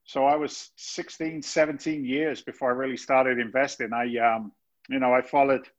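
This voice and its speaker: A man in his fifties from England with a London accent softened by Boston, chatting as an interview guest in a chatty, self-mocking way. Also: mid-range voice, steady tone, moderate pace. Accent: London English softened by Boston. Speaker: guest, real estate investor. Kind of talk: casual interview chat. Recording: dull, muffled audio.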